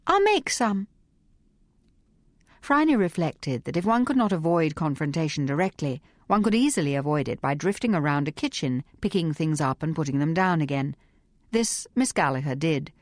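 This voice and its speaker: A woman narrating an audiobook in a measured, even reading voice. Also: low voice, dry recording, clean studio sound. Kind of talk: scripted narration.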